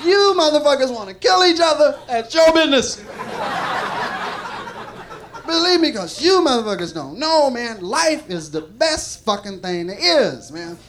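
A man's voice: very high voice, very animated, unhurried, background noise. A man doing a stand-up set on a club stage, rambling and profane and laughing between lines, his mouth gone dry. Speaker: stand-up comedian. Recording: live club recording with loud crowd. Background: audience reacting.

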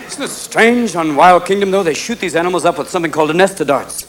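A male stand-up comedian doing a fast, manic routine full of impressions. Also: sits high, animated, noisy background. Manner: rapid impressions, swerving between silly voices. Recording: live club with loud crowd laughter. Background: audience laughing.

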